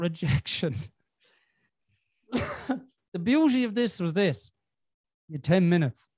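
A man's voice: high voice, a little mellow, no room sound, clean studio sound. A middle-aged man, hosting a podcast as a rambling storyteller who swears freely. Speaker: podcast host. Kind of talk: casual chat.

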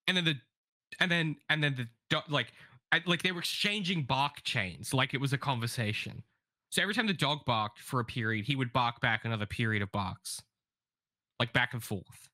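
A man co-hosting a casual advice podcast, telling a story in an animated way, swearing freely and acting out the people he quotes. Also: mid-range voice, moderate pace, no echo. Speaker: podcast co-host.

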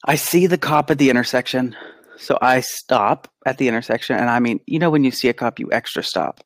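A man's voice: medium pitch, brisk, no room sound. Guy cohosting a podcast, acts out every line of the story, dead dry sound. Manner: animated storytelling, acts out quotes. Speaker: podcast co-host; pediatric physical therapist. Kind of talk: casual chat.

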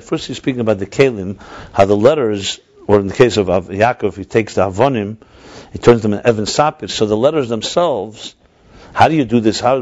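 A man's voice: mid-range voice, a little mellow, lo-fi sound. A man teaching a religious class in a discursive lecture, often correcting himself mid-sentence and mixing in Hebrew and Yiddish terms. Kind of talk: explanatory lecture.

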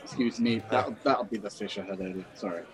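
A man playing a tabletop role-playing game, deadpan with stammered punchlines. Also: fairly low pitch, fairly quick, crowd noise.

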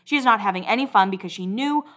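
A woman's voice: medium pitch, fast, fairly bright tone. Chatty gossiping woman recapping TV. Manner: chatty, gossipy, swears freely. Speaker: podcast host. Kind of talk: casual reality TV recap.

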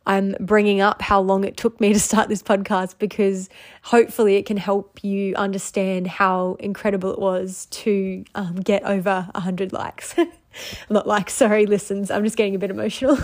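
A young adult woman talks alone into her podcast in a candid, open way. She is emotional, laughs often and leans on ums and likes. Her voice sits at an ordinary middle pitch for a woman. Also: steady tone, normal speed, a little mellow. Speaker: podcast host and business owner. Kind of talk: personal solo podcast monologue.

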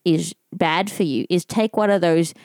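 A woman's voice: fairly low pitch, normal speed, darkish tone, no echo. A woman hosts a casual comedy podcast. She rambles through her stories and giggles often. Her voice is dry and close to the mic. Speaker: podcast host.

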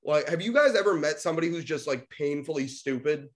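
A fast-talking young podcast co-host with a voice on the high side tells an animated, casual story. He swears freely and slips into the voices of whoever he's quoting.

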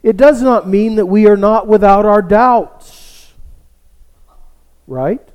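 Slow-speaking pastor preaching in a reverberant church. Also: male voice, high voice, clear, resonant tone. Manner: slow, storytelling delivery that drops to a hush for emphasis. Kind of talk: sermon.

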